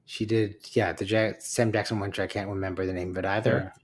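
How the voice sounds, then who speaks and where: Male contestant, casual, halting delivery, lots of fillers. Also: on the low side, little pitch movement, breathy edge. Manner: hesitant, searching for names. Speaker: podcast player. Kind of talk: casual game-show chat.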